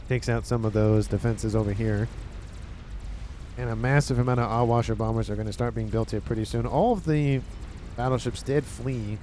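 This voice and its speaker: A man casually commentating a strategy game replay, reacting excitably as the action unfolds. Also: on the low side, a little hiss or hum. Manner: excitable, quick reactions, often exclaims "oh".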